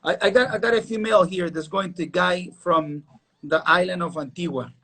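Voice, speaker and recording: A man hosting a live-stream chat as a dog breeder, telling stories in an emphatic, animated way. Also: high-pitched, normal speed, creaky.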